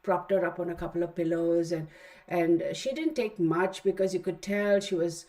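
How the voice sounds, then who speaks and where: Rambling middle-aged woman host, lowish voice. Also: fairly even intonation, normal speed, mellow. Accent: Texan. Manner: rambling, storytelling, many fillers. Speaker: tarot channel host. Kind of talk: casual livestream chat.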